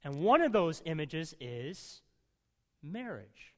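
A man preaching a sermon, emphatic, swinging from loud stresses to quiet asides. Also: a little high, very animated, slow, in a large hall.

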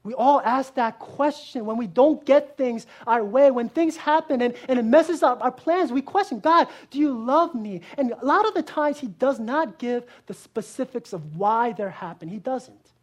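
A woman pastor giving a sermon, earnest, asking rhetorical questions and moving between strong emphasis and quiet, hushed lines. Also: on the high side, lively intonation, moderate pace, few pauses.

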